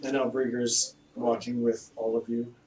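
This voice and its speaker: A man's voice: medium pitch, level tone, normal speed, darkish tone. A man narrating a tabletop game as game master, in a casual manner with fillers. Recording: echoey room, distant mic, faint noise.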